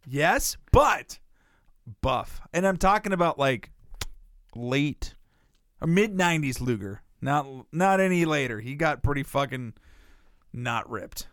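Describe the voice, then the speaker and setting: A man's voice: on the high side, animated, slow, pauses often, a bit bright, dry recording, studio quality. A man co-hosting a casual podcast, telling rambling, profane stories and acting out what people said. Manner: rambling profane storyteller who acts out quotes. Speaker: podcast co-host.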